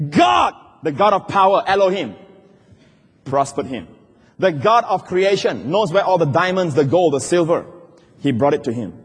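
Male pastor preaching; high, husky voice that rises to shouts and drops to asides, big reverberant hall. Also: normal speed. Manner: animated preaching that swings from loud cries to low asides. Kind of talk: sermon.

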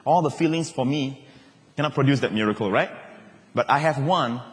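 A man preaching a sermon as pastor, swinging from excited emphasis down to soft, low asides. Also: moderate pace, long reverb tail.

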